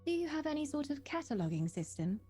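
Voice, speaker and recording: Dry, deadpan woman player. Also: high voice, quick pace, faint music behind. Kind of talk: in-character role-play.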